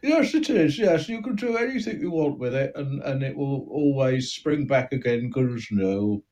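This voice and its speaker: A man's voice: mid-range voice, expressive, moderate pace, a little mellow, close to an everyday voice. A man voicing a small, boastful East End gangster in a put-on Cockney accent, rambling as he plugs himself. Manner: chatty, rambling self-promotion. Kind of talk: improvised comedy role-play.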